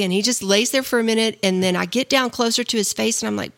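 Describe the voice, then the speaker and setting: A woman, a podcast guest telling a story in an animated way. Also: medium pitch, fast talker, vocal fry, few pauses. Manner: animated, acts out voices in stories. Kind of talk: casual storytelling.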